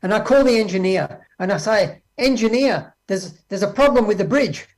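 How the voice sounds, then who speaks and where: An Australian man giving a conference keynote on education, talking lively and acting out exchanges with teachers. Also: sits high, normal speed. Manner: lively, acts out dialogues with teachers. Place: speaking remotely from Australia.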